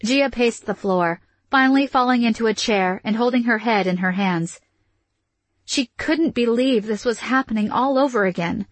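A woman narrating a novel in a measured, even storytelling manner. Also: fairly high pitch, no room sound. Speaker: audiobook narrator. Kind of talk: scripted fiction narration.

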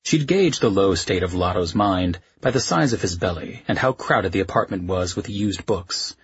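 A man narrating an audiobook in an expressive, wry way. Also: deep voice, moderate pace, husky, dry recording, dull audio. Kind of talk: scripted narration.

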